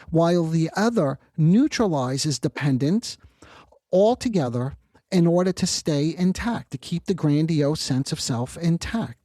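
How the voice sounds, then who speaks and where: A man talks through clinical ideas in a measured, reflective way, slowing down when he quotes what he might say to a client. His voice sits a little high for a man. The sound is dry and close, with no room around it. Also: darkish tone, no room sound. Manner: measured, reflective, slows to quote example phrasings. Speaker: psychotherapist podcast host. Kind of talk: explanatory monologue.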